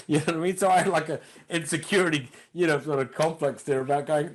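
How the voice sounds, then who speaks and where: Guest comic, English man with a London accent, bright-pitched, chatty and tangential. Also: fast talker, hardly any pauses. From England. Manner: animated, rambling storyteller. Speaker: guest comedian and impressionist. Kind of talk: podcast conversation.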